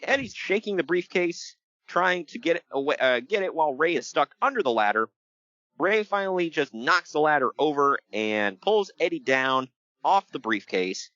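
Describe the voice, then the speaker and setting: A man hosting a casual podcast, his voice bright and lively as it swings up and down. He laughs easily and acts out quotes in a high, shouting voice. The recording is dry and a bit muffled. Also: moderate pace, dry recording. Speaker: podcast host. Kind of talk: casual podcast chat reviewing wrestling.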